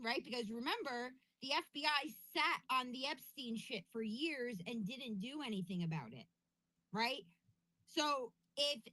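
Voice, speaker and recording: A woman's voice: on the high side, pushed and bright, no echo, poor audio. A woman co-hosting a live online audio discussion, who talks emphatically and keeps checking in with "right?". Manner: rapid, emphatic, peppers points with "right?". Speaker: co-host.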